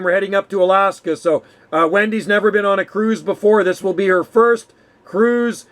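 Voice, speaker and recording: A man's voice: high-pitched, fairly even intonation, moderate pace, a bit bright. A man chatting in an easygoing, friendly way as the host of an amateur radio contact. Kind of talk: casual radio chat.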